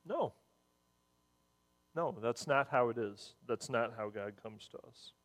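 A man preaching a sermon, telling stories in an earnest, animated way. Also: medium pitch, takes it slowly, long reverb tail. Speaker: pastor.

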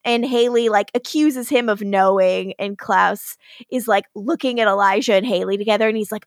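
A woman co-hosting a podcast, recapping a TV episode in an animated, profane way and laughing often. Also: fairly high pitch, moderate pace, dry recording, clean studio sound. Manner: animated, profane, laughing while retelling scenes. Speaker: podcast co-host.

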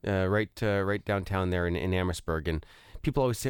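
A man's voice: deep voice, fairly quick, clear, resonant tone. A man, hosting a real estate talk show in a chatty way, with many fillers and restarts. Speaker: radio show host. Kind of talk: casual chat.

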